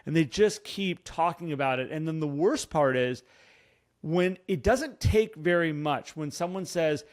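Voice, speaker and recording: Male podcast co-host, real estate coach, earnest and animated, slightly higher voice. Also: measured pace. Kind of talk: casual podcast chat.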